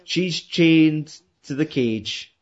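A man's voice: fairly high pitch, very slow. A man chatting casually about a film, rambling and swearing, laughing often and acting out quotes. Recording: muffled lo-fi recording.

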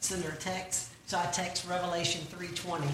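A woman's voice: lowish voice, level tone, brisk. A middle-aged woman telling folksy jokes with punchlines and quizzing the crowd, speaking to a church audience. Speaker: Christian comedic speaker. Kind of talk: comedic church talk. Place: large church hall. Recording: very echoey hall, distant mic, room noise.

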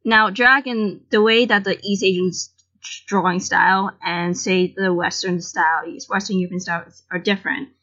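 A woman's voice: mid-range voice, normal speed. Woman telling a story on lo-fi audio. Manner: animated, loose and profane, acts out the dialogue. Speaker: podcast co-host telling a story. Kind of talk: casual storytelling chat. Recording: slightly dull lo-fi audio.

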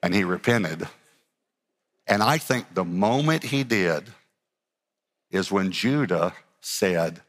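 A man's voice: low voice, lively intonation, slow, long pauses, a bit bright, big-room sound. A male pastor preaching a dramatic sermon, often restarting his sentences and acting out scenes. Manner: dramatic, acts out Bible scenes in character voices; repeats words as he restarts sentences.

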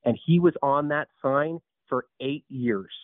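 A man in his thirties, a company founder telling his story as a podcast guest, animated and full of restarts and repeated words. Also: mid-range voice, unhurried, no room sound. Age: 30s. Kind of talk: casual storytelling interview. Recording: tinny phone-like line, dry.

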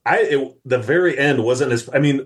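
A man's voice: medium pitch, moderate pace. A man from Minnesota co-hosting a podcast, chatting casually and rambling with many restarts. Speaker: podcast co-host. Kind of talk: casual chat.

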